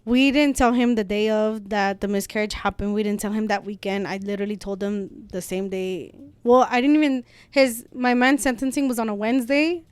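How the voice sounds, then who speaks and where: A woman's voice: mid-range voice, steady tone, a little fast, few pauses, smooth, no room sound. A young adult woman talking as a guest, telling a personal story frankly, swearing freely and mixing in Spanish phrases. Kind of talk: casual heartfelt storytelling.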